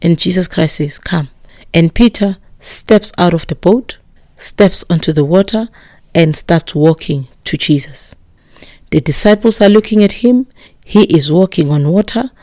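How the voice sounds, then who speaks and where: A woman preaching a sermon in an emphatic, repetitive way, dropping to breathy whispers for emphasis. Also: fairly low pitch, a little slow, warm tone, dry recording, studio quality.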